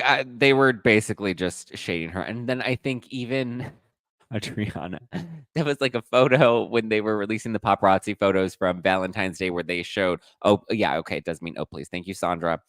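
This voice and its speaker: A man in his thirties hosts a casual gossip livestream, dishing with sass and tossing off quick asides and curse words. His voice sits on the low side, and the recording is close and dry with no room echo. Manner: sassy, dishy, swears freely with quick asides. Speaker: pop culture podcast host.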